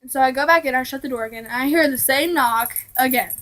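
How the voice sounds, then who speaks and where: A chatty young woman tells ghost stories straight to her viewers in a casual vlog. Her voice sits a little high, and she keeps the telling animated while slipping into hushed asides now and then. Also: fast talker, poor audio. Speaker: vlogger.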